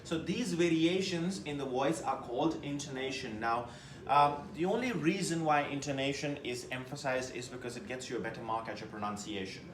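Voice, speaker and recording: A man teaching a test-prep class, lecturing with lively emphasis and putting questions to his students. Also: mid-range voice, normal speed, roomy sound, a little hiss or hum.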